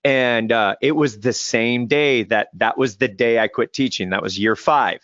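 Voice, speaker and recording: A man with a middle-pitched voice co-hosts a casual podcast chat, earnest and emphatic. The sound is dry and dull, like a lo-fi call with no room echo. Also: fairly bright tone. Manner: earnest, emphatic, quick bursts. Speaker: podcast co-host.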